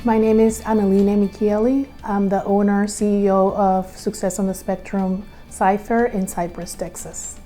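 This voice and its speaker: A woman in her clinic talks in an interview with a mellow, warm-toned voice. She speaks hesitantly, often pausing to search for words, with feeling in her voice. Faint music sits behind her. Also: medium pitch, level tone. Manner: halting, searching for words, emotional. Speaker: clinic owner and parent.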